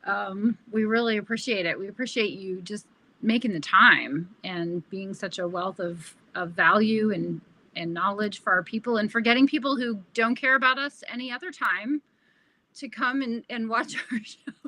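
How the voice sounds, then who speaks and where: A woman's voice: mid-range voice, moderate pace, bright, forceful tone, poor audio. A woman co-hosting a casual video talk show, thanking the guest and bantering playfully. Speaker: co-host. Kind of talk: casual chat.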